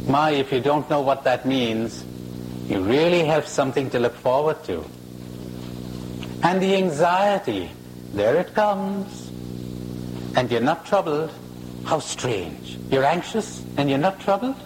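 Slow, animated man giving a spiritual talk. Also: on the high side, background noise. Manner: slow, emphatic, playful with rhetorical questions. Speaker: spiritual speaker. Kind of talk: live spiritual talk to an audience. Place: hall with an audience.

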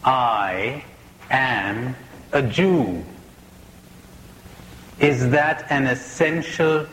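A man's voice: mid-range voice, a bit bright, big-room sound, rough recording. A man giving a reflective spiritual talk, asking questions and telling jokes in a playful storytelling manner.

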